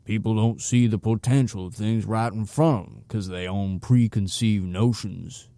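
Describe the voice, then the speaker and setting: A man voicing a gruff, folksy older homeless man with a raspy Southern accent. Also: on the low side, fairly even intonation, normal speed, dark tone, dry recording, clean studio sound, close to an everyday voice. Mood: gruff advice.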